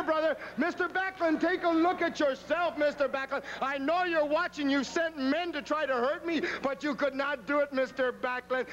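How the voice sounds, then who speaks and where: A man's voice: very high voice, a bit bright, a little hiss or hum. A man cutting a wrestling promo, boastful and taunting, often ending lines with "brother", on muffled old TV footage. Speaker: pro wrestler.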